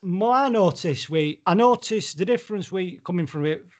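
A man's voice: high voice, lively intonation, normal speed, dull audio. A British man hosting a podcast in casual chat, swearing freely and breaking into playful accent impressions. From Britain. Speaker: podcast host.

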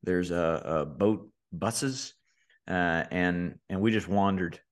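A man, co-hosting a podcast and telling a story in a relaxed way, with lots of fillers and restarts. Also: low voice, takes it slowly. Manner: laid-back storyteller, many fillers and restarts. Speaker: podcast co-host. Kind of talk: casual podcast chat.

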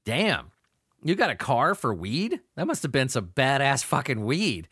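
A man's voice: mid-range voice, very animated, a little slow, sharp tone, breathy edge, no echo, studio quality. A man hosting a podcast, reading crime news aloud and ranting about it in a crude, laughing, profane way. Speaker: podcast host. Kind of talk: profane comedic news commentary.

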